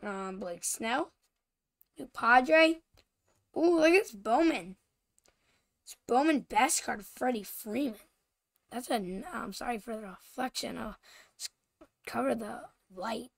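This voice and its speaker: A female host talks through a card-opening video at a slow, unhurried pace, her fairly high voice carrying a gravelly edge of vocal fry. She halts often, fills gaps with fillers, and keeps apologizing for stumbling over names. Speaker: channel host showing baseball cards. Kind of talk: casual card-opening commentary.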